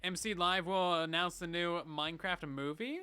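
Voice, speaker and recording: A man's voice: sits high, normal speed, smooth, soft background music. A young man livestreaming, chatting casually and playfully while reading viewer messages. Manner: playful, animated, chatty with frequent laughs.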